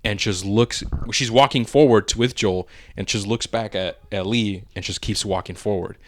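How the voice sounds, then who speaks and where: A man's voice: on the low side, normal speed. A man co-hosting a podcast, chatting casually and animatedly through a movie spoiler review, laughing often and acting out quotes. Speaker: podcast co-host.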